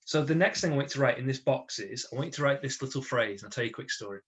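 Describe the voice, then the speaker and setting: A man giving a motivational webinar to an online audience, chatty and energetic, often checking in with his listeners. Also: mid-range voice, very fast, dull audio. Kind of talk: lively talk to an online audience.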